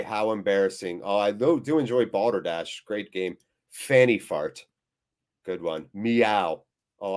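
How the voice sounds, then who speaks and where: Reading out viewers' chat during a live fan watchalong, this host sounds weary and deflated, swearing jokingly as he goes. His voice is on the low side.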